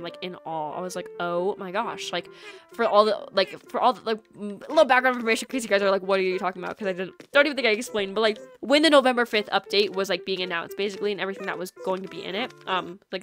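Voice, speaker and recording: A young woman rambles through casual stream chat in a medium voice, giggling often and filling gaps with "like" as she plays. She talks into a USB microphone at home, with soft lofi music underneath. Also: mid-range voice. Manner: chatty and giggly, lots of "like" fillers. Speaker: game streamer.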